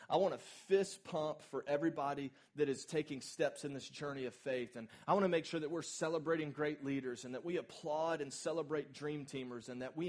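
A man's voice: fairly high pitch, a little mellow. A male pastor preaching a sermon at a church service, talking in a conversational, emphatic way and putting questions straight to the congregation.

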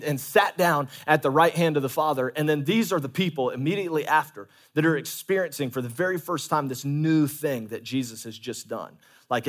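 A man preaching a sermon as pastor, animated, calling for amens and acting out quoted voices. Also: fairly high pitch.

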